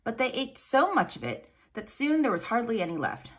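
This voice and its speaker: A woman reading a children's fairy tale aloud in an expressive, animated way. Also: fairly high pitch, moderate pace, husky. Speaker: storyteller.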